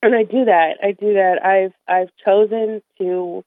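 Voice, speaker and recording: A woman's voice: medium pitch, fairly even intonation, measured pace, no room sound. A woman guest on a radio show, speaking candidly and with emotion, holding back tears. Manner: emotional, candid, warm with light laughter. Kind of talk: radio interview. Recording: tinny phone line.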